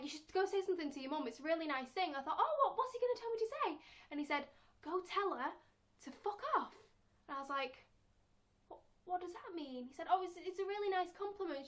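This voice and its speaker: A young woman with a British accent, chatting playfully in a casual question-and-answer vlog and acting out quotes in a squeaky voice. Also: a bit bright. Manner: acts out quotes in a squeaky high voice. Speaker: vlogger.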